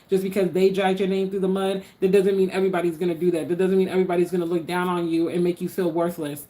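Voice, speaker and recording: A woman's voice: on the low side, darkish tone. Earnest woman giving casual encouragement. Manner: earnest, conversational, addresses viewers as y'all. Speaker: motivational vlogger.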